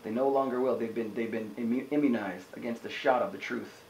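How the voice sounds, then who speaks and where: A man preaching a sermon in an energetic, conversational way, often asking the listeners "amen?". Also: medium pitch, a little fast, reverberant, a little hiss or hum, rough recording. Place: house church room.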